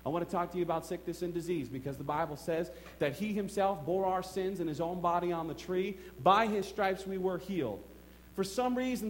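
A middle-aged pastor with a high-sitting voice preaches a sermon in church, telling a personal story. He swings emphatically between quiet asides and excited outbursts.

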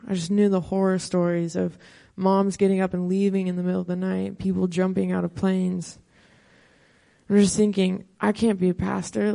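Earnest woman with a gravelly, flat voice. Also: medium pitch. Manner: earnest storytelling with quoted prayers. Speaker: pastor. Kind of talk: personal testimony talk.

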